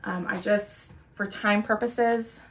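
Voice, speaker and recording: A woman's voice: mid-range voice, fairly even intonation, takes it slowly. A young woman hosting a chatty live craft stream, talking viewers through her work and thanking commenters as she goes. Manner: bubbly, talks to viewers while working, thanks commenters.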